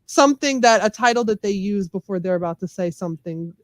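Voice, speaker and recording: Recorded with no room sound, this Memphis woman has a mid-range, expressive voice and talks fairly quickly. A lawyer and comedian guesting on a podcast, she's candid and emphatic in a thick Southern US accent during a casual interview.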